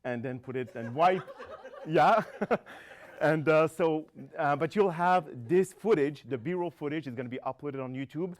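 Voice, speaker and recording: A man's voice: a little high, measured pace. Man hosting a comedy show. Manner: loose, rambling, laughs at his own jokes. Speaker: show host. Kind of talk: casual hosting with jokes.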